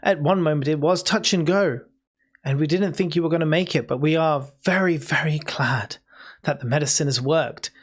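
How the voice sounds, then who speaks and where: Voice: medium pitch, moderate pace, close to an everyday voice. Tabletop figure: practical, polite woman nurse with a British accent, voiced by the GM. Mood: brisk.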